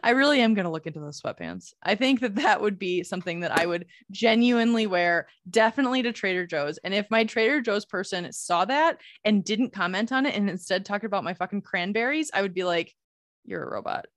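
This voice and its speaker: A woman's voice: medium pitch, animated, fairly quick, hardly any pauses, no room sound, clean studio sound. A woman co-hosting a podcast, talking casually with lots of "like" fillers and frequent laughter. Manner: chatty, many "like" fillers, laughs often. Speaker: podcast co-host.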